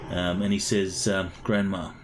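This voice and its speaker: A man with a very deep voice narrating a tabletop game as game master. He talks slowly and haltingly, pausing often, with faint noise in the background. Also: fairly even intonation, low-quality recording. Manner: halting, many fillers and pauses.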